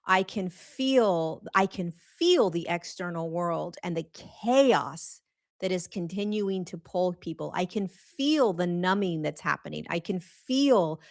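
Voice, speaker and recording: A woman hosting a live spiritual talk show, speaking earnestly and emphatically, repeating phrases for stress and slowing right down on key words. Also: on the low side, expressive. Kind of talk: live-streamed spiritual monologue.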